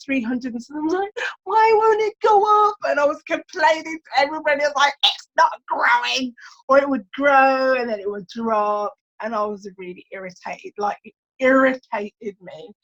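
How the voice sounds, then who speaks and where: Brief: high, animated woman guest, playful and dramatic, slightly muffled recording. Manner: lively, laughs often, theatrical. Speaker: podcast guest, entrepreneur. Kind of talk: casual chat.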